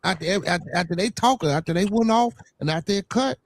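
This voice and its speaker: Animated man in casual wrestling chat. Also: high-pitched, fast talker, creaky. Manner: animated, repeats points, says bro. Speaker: podcast co-host.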